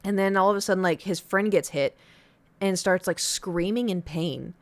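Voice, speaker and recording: A young woman streamer casually telling a story to her chat, acting out other people's lines in a high voice. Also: normal speed, no echo.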